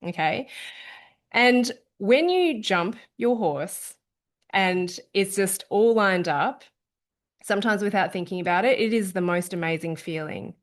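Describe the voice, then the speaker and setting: A woman's voice: medium pitch, a little slow. A woman coach talking casually to an online audience, chatty, often checking in with "okay?". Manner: chatty, frequent "okay?", lively quoting of herself. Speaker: wellness coach presenting an online event.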